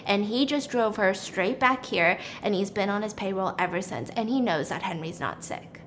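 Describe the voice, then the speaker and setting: A woman voicing a calm young man who quietly reveals dark secrets in a retold story. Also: mid-range voice, moderate pace, a little hiss or hum, pitched below the performer's own voice, close to an everyday voice. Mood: calm, grim.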